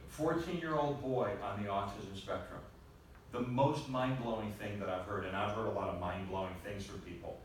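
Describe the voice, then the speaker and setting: A man giving a storytelling presentation to a live audience, animated and acting out the voices of the people he quotes. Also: on the low side. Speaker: presenter at an evening session. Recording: very echoey room, far from mic, faint hiss.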